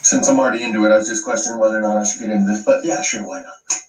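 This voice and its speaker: A man's voice: lowish voice, steady tone, rapid-fire, distant mic, rough recording. A man hosting an online commentary video, ranting with emphatic, profane sweeping claims.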